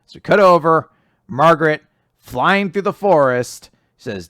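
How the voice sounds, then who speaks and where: Animated, expressive man recapping casually. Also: fairly high pitch, measured pace, no room sound, clean studio sound. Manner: profane, animated, acting out quotes in goofy voices. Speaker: podcast co-host recapping manga.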